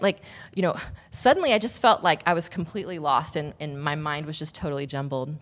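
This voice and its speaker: A woman guesting on a podcast tells a personal story in a low, brisk voice. She rambles casually, with plenty of restarts and asides.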